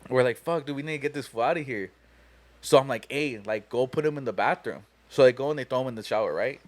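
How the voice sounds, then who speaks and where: A young male podcast host tells a long story casually at a quick pace, swearing and laughing along the way. His voice is medium in pitch.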